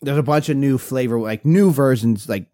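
A man's voice: mid-range voice, normal speed, dark tone, no echo, clean studio sound. A man co-hosting a podcast in casual chat, rambling and restarting as he goes. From Pennsylvania. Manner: rambling, restarts often, laughs while telling stories. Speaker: podcast co-host.

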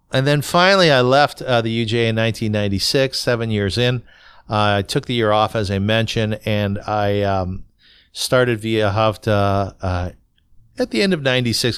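A man's voice: lowish voice, smooth, no echo, clean studio sound. A middle-aged man hosting a solo podcast, telling his own stories in a conversational, blunt way with many fillers and restarts.

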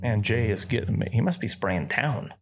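A man with a low, gravelly voice hosts a relaxed interview podcast. He speaks earnestly, often restarting and repeating words as he searches for what to say. The talk is unscripted and conversational. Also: faint music behind. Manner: earnest, halting, repeats words as he gathers thoughts. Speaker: podcast host. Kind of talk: casual interview chat.

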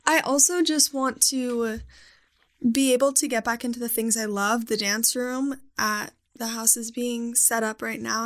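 A young woman in casual chat, talking in a chatty way with vocal fry. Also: a little high, fairly bright tone.

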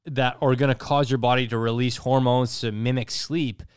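A man's voice: medium pitch, steady tone, normal speed, clear, resonant tone, no echo, studio quality. A man co-hosting a podcast in casual banter, laughing easily and teasing his friend. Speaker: podcast co-host.

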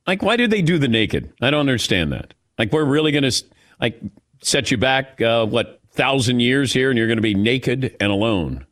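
A man's voice: mid-range voice, expressive, normal speed, fairly bright tone. A man hosting a talk show in casual chat, bantering with wry, dry humor. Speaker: radio show host.

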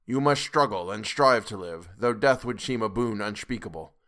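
A man reading aloud as a solemn, fatherly old professor who speaks deliberately and gravely. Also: on the low side, animated, a bit bright. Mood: solemn urging.

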